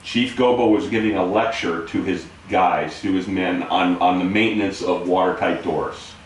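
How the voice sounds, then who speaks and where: Low-voiced man telling navy anecdotes. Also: moderate pace, a little hiss or hum. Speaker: interviewer and navy veteran. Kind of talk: casual storytelling. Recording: very echoey room, distant mic.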